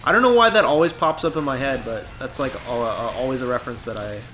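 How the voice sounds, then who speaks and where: A man's voice: mid-range voice, fast, sharp tone, soft background music. A young man co-hosting a gaming video, chiming in with wry, teasing remarks. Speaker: co-host of a gaming channel. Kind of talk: casual chat over gameplay.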